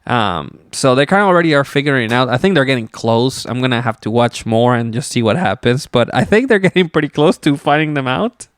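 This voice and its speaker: A man's voice: medium pitch, expressive, brisk, few pauses, clean tone, dry recording, studio quality. A young man hosting a casual solo podcast, rambling loosely with lots of fillers and some swearing. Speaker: podcast host.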